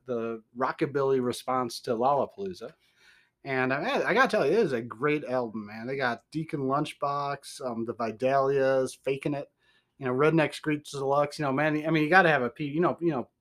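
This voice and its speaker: A man's voice: mid-range voice, normal speed. A man with a Southern US accent hosts a podcast conversation. His talk is rambling and folksy: he chuckles, trails off and circles back to his point. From American Midwest. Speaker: podcast host. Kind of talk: casual podcast chat.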